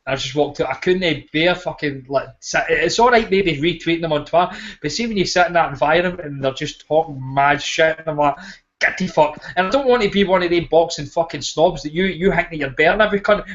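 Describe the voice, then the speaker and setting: A man's voice: high-pitched, a bit bright. A man with a Scottish accent hosting a boxing podcast, ranting and swearing in casual chat. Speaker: podcast host. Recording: lo-fi podcast audio.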